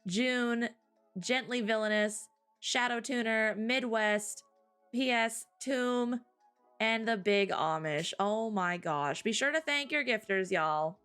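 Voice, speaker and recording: A woman co-hosting a live stream, chatting casually, tired after a cry, with frequent giggles and drawn-out exclamations. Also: on the high side, fairly bright tone, smooth, soft background music. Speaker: streamer co-host.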